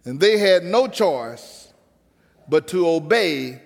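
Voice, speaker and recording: A man with a high, expressive voice and vocal fry preaches slowly in a rhythmic cadence, now and then calling on the congregation to answer back. A long reverb rings around his voice.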